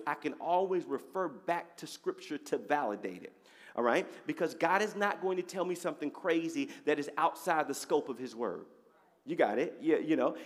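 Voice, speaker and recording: A male pastor preaches a sermon to his church, in a voice that sits slightly high. He leans on call-and-response, repeats his phrases and keeps checking in with "you got it?" The sound carries a long reverb from the church hall. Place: church sanctuary.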